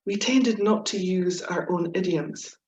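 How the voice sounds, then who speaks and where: A woman's voice: on the low side, a little slow, a little mellow, echoey room, lo-fi sound. A Scottish woman from Inverness, a writer giving a chatty, playful webinar talk with Scots words dropped in. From Scotland, Inverness. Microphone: video call.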